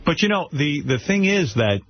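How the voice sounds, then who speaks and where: A brash male radio host trading crude, teasing jokes, his pitch swinging widely as he talks. The sound is dull and lo-fi, like an old radio broadcast. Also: very animated, moderate pace, dry recording. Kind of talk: crude comic radio banter.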